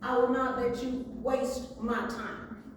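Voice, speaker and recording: A stubborn storybook cow lows loudly and refuses to bother with the riddle, voiced by a woman storyteller. Her voice is high and drawn out. It echoes from far off in a big hall. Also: level tone, takes it slowly, a little hiss or hum. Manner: loud, lowing, dismissive. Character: loud stubborn female cow.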